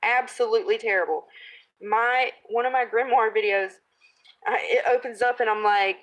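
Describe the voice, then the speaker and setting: A woman in her thirties casually chatting while she crafts, rambling off on tangents, laughing at herself and clearing her throat. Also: medium pitch, fairly even intonation, moderate pace, fairly bright tone, low-quality recording. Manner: rambling, self-deprecating, laughs often. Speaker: craft video host.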